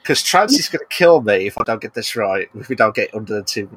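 A man's voice: lowish voice, big pitch swings, fast talker, a bit bright, breathy edge, no room sound, rough recording. A man from Britain co-hosting a casual livestream podcast, laughing at himself and often stopping to restart his sentences. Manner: laughing, self-mocking, stumbling restarts. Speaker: podcast co-host.

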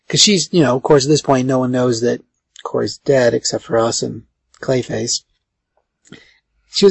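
A man's voice: mid-range voice, normal speed, creaky, long pauses, husky, dry recording. A man co-hosting a podcast, recapping a comic in a rambling, casual way with lots of fillers. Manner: rambling, filler-heavy storytelling. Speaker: podcast co-host.

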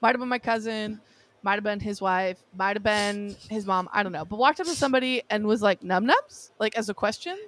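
A woman co-hosting a casual chat, telling an animated family story and laughing often. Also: mid-range voice, fairly quick.

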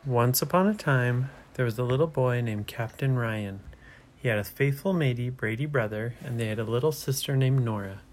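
A woman making up a bedtime story for children, hushed at times and asking the listener questions. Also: extremely low pitch, moderate pace.

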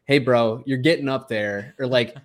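A man's voice: mid-range voice, steady tone, moderate pace. A man in casual chat, speaking candidly and a bit rambling about personal lessons. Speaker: podcast co-host.

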